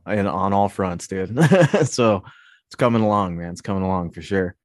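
A man chatting casually as a podcast guest, relaxed and laughing often. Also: sits low, moderate pace, dry recording, clean studio sound. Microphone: USB mic on a boom arm.

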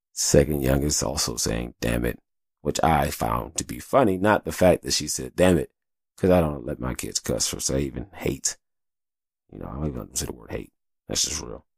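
A man with a very low, gravelly voice talks through a casual podcast monologue full of profanity and asides. His voice sounds dry and close, with little room sound. He talks in his thirties' easy, chatty manner. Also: a little mellow, dry recording. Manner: loose, profane and chatty, with frequent "you know what I'm saying". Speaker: podcast host.

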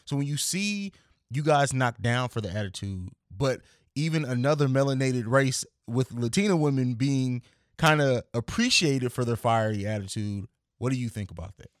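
A man's voice: medium pitch, expressive, normal speed, no room sound, studio quality. A man hosting a podcast, asking loose, searching questions in a casual interview. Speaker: podcast host.

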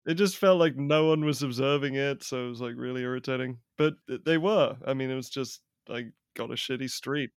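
A man's voice: medium pitch, a little fast, hardly any pauses, clean tone, no echo, clean studio sound. A man from Britain in casual podcast chat, grumbling dryly and swearing.

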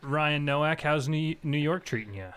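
A man's voice: a little high, normal speed, fairly bright tone, a little hiss or hum. A man in his thirties hosting a podcast, talking loosely with friends, laughing often and restarting his sentences. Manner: laid-back, laughs often, stumbling restarts. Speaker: podcast host. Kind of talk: casual chat.

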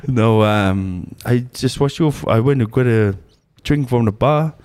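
A man's voice: medium pitch, unhurried, darkish tone, smooth, lightly acted. A man putting on a cheeky flirting Tongan lad. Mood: flirty. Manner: cheeky, laughing through the lines.

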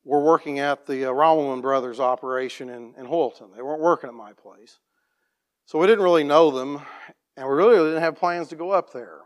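A plain-spoken man tells a church testimony story as a farm operator, restarting his sentences and clearing his throat often. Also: fairly high pitch.

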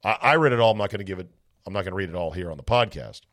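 Wry, slightly hoarse male podcast host. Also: sits low, very fast, fairly bright tone, no room sound, studio quality. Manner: wry, sarcastic, rambling. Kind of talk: casual podcast monologue reading listener mail.

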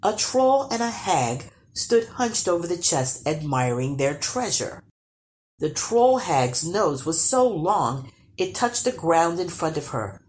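A woman storyteller reading a children's storybook aloud with expressive, animated narration. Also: on the low side, slow, slight background noise.

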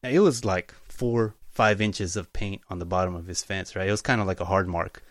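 A man speaking as a guest in a casual interview, telling work stories in a relaxed, easygoing way. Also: low-pitched, moderate pace, no echo, clean studio sound. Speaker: guest, utility locator.

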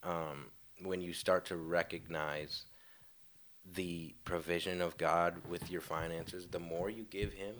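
Deep-voiced young man telling a story. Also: little pitch movement, slow, fairly bright tone, a little hiss or hum. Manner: rambling, filler-heavy storytelling with laughs. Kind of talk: casual faith testimony.

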